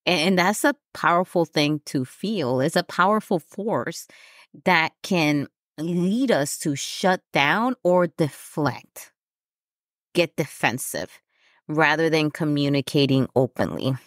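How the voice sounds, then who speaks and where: Woman host, low voice, candid solo podcast talk, dry close recording. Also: takes it slowly, no room sound. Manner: candid, laughs at herself, frequent fillers. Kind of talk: personal reflective podcast talk.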